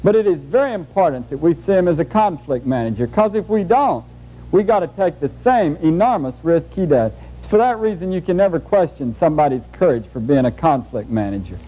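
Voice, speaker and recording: A man's voice: a little high, sing-song, a little fast, warm tone. A man giving a lecture in a folksy, humorous storytelling manner, heard on a muffled old videotape. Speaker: speaker.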